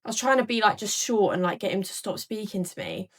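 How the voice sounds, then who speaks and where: A woman's voice: mid-range voice, fast. A young woman casually recounting an experience, with lots of filler words. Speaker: storyteller in a clip. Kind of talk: casual storytelling.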